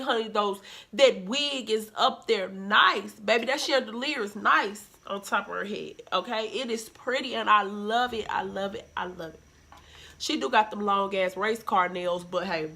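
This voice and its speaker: A woman vlogger, reviewing a reality show in sassy, animated casual commentary and calling her viewers "honey.". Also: a little high.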